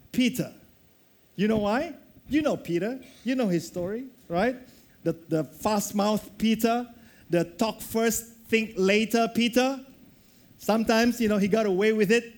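A man delivering a sermon with a fairly high voice. He tells the story with animation, dropping low and rising high as he acts out the characters' lines. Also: darkish tone. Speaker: preacher.

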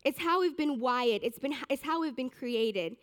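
A young woman giving a sermon, telling a personal story with animated, self-mocking humor. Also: high voice, moderate pace. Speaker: church speaker.

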